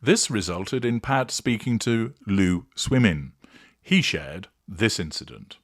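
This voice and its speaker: Slow, deep, sardonic male narrator. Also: lively intonation, no room sound, clean studio sound. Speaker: host. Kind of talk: scripted satirical narration.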